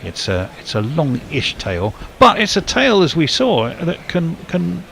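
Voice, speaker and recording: A man giving ball-by-ball cricket commentary, measured and lifting on big shots, with faint background noise. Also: on the high side, huge pitch swings, creaky, fairly bright tone.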